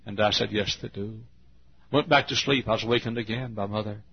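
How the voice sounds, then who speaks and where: Gravelly husky preacher in his fifties. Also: fairly low pitch, fairly even intonation, fast talker. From Texas. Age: 50s. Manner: folksy storytelling, rising to fervent exhortation. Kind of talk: sermon. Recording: dull lo-fi sermon recording.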